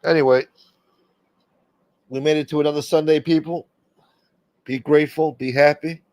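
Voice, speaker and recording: A man's voice: fairly high pitch, fairly even intonation, normal speed, a little mellow, no echo. A man hosting a casual livestream, rambling, swearing freely and reading viewer comments aloud. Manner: rambling, profane, reads chat aloud. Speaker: livestream host.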